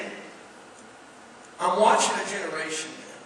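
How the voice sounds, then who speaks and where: A man with a Southern US accent preaching a storytelling sermon to a youth crowd, animated and rising to shouts. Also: high-pitched, a little fast, slight background noise. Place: large indoor youth venue. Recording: echoey hall from far off, faint ambience.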